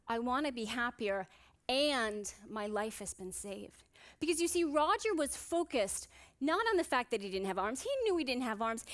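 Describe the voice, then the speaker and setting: A woman psychiatrist giving a motivational conference talk on stage, telling humorous stories and asking the audience rhetorical questions. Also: sits high.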